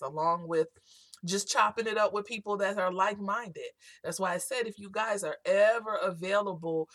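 A woman hosting her own self-help podcast, talking through motivational encouragement in a relaxed, conversational way. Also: on the low side, no room sound. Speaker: podcast host.

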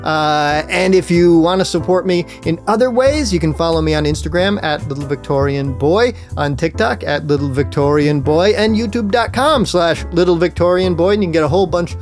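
Deadpan crude male storyteller. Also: a little high, moderate pace, few pauses, faint music behind. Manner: deadpan, crude, rambling asides. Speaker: storyteller and podcast host. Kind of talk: comic storybook narration.

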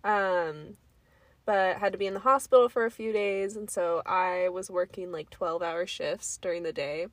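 A young woman in casual chat, giggly and playful with deadpan jokes, recorded on one microphone in a parked car at night. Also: fairly low pitch, normal speed, no echo. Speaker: podcast co-host. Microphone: single mic between two people.

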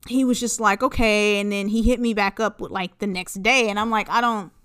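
A young adult woman hosting a podcast, telling a story in a casual, candid and animated way, swearing often and talking freely to her listeners. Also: mid-range voice, smooth. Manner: animated, profane, fast-shifting; self-described introvert, candid. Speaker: podcast host.

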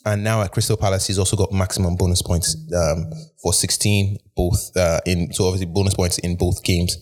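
A man's voice: sits low, little pitch movement, fairly quick, a little mellow. A man hosting a casual sports podcast, recapping matches in an easygoing, rambling way with fillers. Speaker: podcast host.

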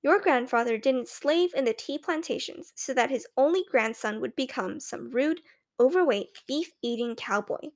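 A stern, proud old grandmother scolds her grandson in a firm, disapproving tone, as a woman reads her lines in a storybook. The voice stays high and light. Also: moderate pace. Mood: scolding.

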